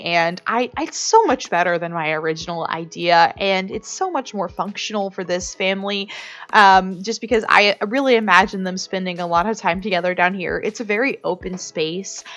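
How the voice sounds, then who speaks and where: A woman chatting casually over her building footage, sentimental and full of fillers and restarts. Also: medium pitch. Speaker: game builder and video creator. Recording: slightly dull audio with soft music beneath.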